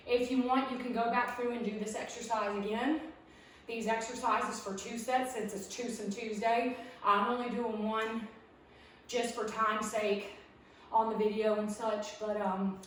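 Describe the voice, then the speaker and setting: A fairly high-voiced woman coaches a home workout in a chatty, encouraging way while out of breath. Her voice sits a little away from the mic, and it carries a heavy room echo. A faint background hum runs under her talk. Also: far from the mic. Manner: chatty, encouraging, says y'all. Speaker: fitness vlogger. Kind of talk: casual workout instruction.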